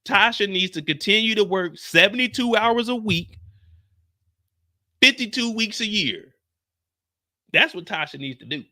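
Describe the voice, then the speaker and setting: A man hosting a live stream, recapping a TV episode in animated, profane, blunt commentary. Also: sits high, measured pace, long pauses. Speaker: TV show recap host.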